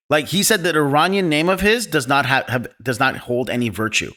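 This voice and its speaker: Podcast host, male, bright tone, animated and opinionated storyteller. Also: on the high side, fairly quick, few pauses. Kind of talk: casual film discussion.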